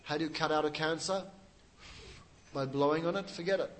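A man's voice: on the high side, brisk, fairly bright tone, poor audio. A man preaching a sermon, telling a story with dramatic, emotional delivery and acting out the quotes. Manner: laughs at his own jokes.

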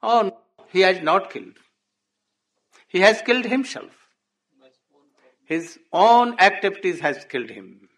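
A man telling a devotional story in halting English, punctuated by frequent "oh" and "hmm?". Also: high voice, big pitch swings, a bit bright. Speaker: religious storyteller.

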